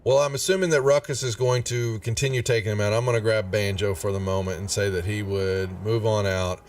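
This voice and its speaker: A man's voice: lowish voice, fairly even intonation, a little fast, a little hiss or hum. A man running a tabletop game, folksy and drawling, chuckling often. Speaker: game master. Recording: a bit far from the mic, faint music behind.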